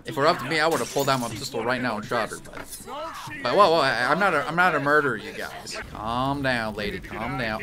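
A young man commenting as he plays a video game, jokey and animated, yelping and apologizing loudly as things go wrong. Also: medium pitch, fairly quick, crowd noise. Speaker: streamer playing a video game. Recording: faint game music behind.

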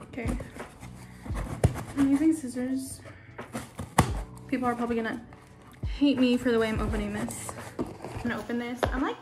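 A young woman vlogging to her camera in an excitable, chatty way, full of "like". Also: on the high side, normal speed, pauses often. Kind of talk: casual vlog chat. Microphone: handheld camera. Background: background music.

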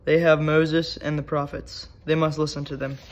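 A man reading scripture aloud, voicing the patriarch Abraham in a measured, firm tone. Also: on the high side, little pitch movement, slight background noise, lightly acted. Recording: dull lo-fi recording.

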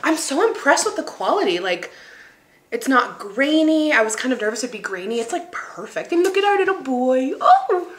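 A bubbly young woman talks to her viewers from her home, her pitch leaping up and down with excitement. Her voice sits a little on the high side. The room around her is noticeably echoey. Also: moderate pace, a little hiss or hum. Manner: bubbly, chatty, laughs often. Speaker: lifestyle vlogger. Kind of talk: casual vlog chat. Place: home, indoors.

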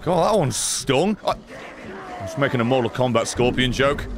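A man streaming a video game, reacting loudly and swearing as he plays. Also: medium pitch, moderate pace, crowd noise. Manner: excitable, shouty, swearing. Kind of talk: gameplay commentary.

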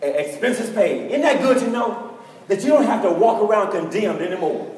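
A middle-aged man preaching a sermon with storytelling, animated and acting out conversations. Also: sits high, normal speed. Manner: animated preacher, acts out students in dialogue. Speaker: pastor. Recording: echoey hall from far off.

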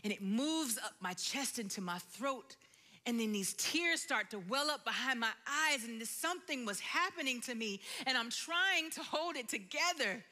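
A woman, telling her own story in a church sermon and dropping to a soft hush at quiet moments. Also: on the high side, lively intonation, moderate pace. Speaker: preacher sharing testimony. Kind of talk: sermon testimony. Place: church sanctuary.

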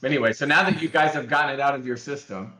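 A man's voice: mid-range voice, quick pace, pushed and bright, echoey room. A man from Alabama, a guest educator, chatting casually on a podcast in a rambling, joking way with lots of fillers and restarts.

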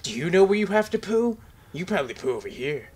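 A man's voice: high-pitched, sing-song, quick pace, darkish tone, husky. A young man giving casual, rambling commentary on a horror game into a headset, nervous and joking as he talks to the characters on screen. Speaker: gaming commentator.

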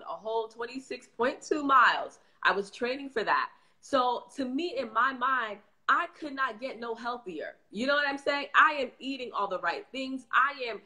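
A woman guest recounts her own experience with a bright, forceful tone and lively energy. She talks casually, often checking in with "you know what I'm saying," and slips into little acted voices for the people in her story. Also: a little high. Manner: lively, acts out quoted voices. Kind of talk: animated personal storytelling.

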